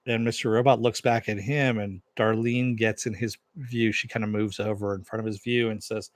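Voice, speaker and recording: A man's voice: fairly low pitch, steady tone, moderate pace, dry recording, studio quality. Man casually recapping a TV episode. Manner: loose retelling of scenes, paraphrasing dialogue with many fillers. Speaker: TV series reviewer.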